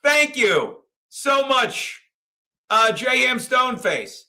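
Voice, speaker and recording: A man's voice: very high voice, very animated, slow, pushed and bright. A man hosting a livestream, ranting crudely and rambling, laughing often as he reads chat. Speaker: livestream host. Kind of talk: profane livestream rant and chat.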